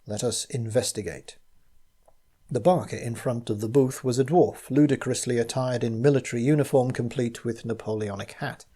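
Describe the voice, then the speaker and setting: A man reading his own gothic mystery story aloud, in measured first-person narration. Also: mid-range voice, mellow, breathy edge.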